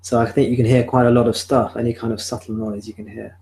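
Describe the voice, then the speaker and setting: Male spiritual teacher, calm and reflective, live-streamed home satsang, close sensitive desk mic. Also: medium pitch, vocal fry, low-quality recording. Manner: calm, reflective, answers viewer questions slowly. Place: home room. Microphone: sensitive desk microphone.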